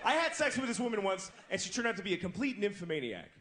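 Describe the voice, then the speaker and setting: A man's voice: high-pitched, sing-song, fast. A young man in his twenties doing a crude stand-up comedy set, telling stories conversationally in front of a club audience. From United States. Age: 20s. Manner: crude, conversational storytelling with acted-out voices. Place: comedy club stage before a live audience. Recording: noisy live club recording.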